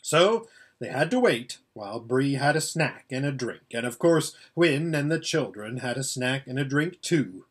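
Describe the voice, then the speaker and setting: A man reading a children's novel aloud as an audiobook, with expressive storytelling. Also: mid-range voice, unhurried, husky. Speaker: narrator.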